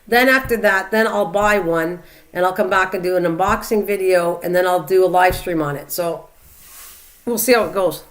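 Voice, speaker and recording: A woman's voice: on the low side, normal speed. An older woman hosting a live stream in a casual, rambling way, reading out viewer comments and chatting back to them. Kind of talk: casual chat.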